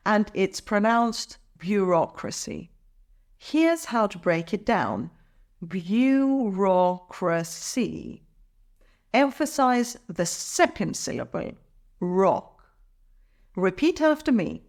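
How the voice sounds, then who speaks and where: A woman teaching English pronunciation, breaking words into syllables and saying them slowly and carefully for learners to repeat. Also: mid-range voice, sing-song. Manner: careful, drawn-out syllables for practice. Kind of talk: slow, clear pronunciation lesson.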